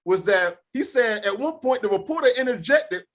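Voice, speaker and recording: A man co-hosting a sports podcast in casual, animated talk over a remote call, acting out mocking quotes. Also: very high voice, moderate pace. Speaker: podcast co-host.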